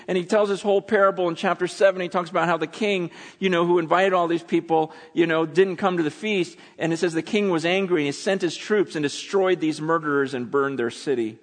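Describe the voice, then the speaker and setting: A man preaching a sermon, acting out quotes with dramatic swings between loud and hushed delivery. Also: high voice, fairly quick. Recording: long hall reverb.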